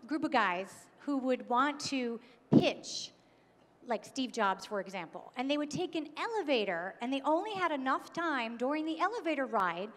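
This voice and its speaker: A woman's voice: high voice, fairly bright tone. A woman from New York giving a conference keynote talk, engaging and often putting questions to the audience. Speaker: keynote speaker. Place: conference hall. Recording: long hall reverb.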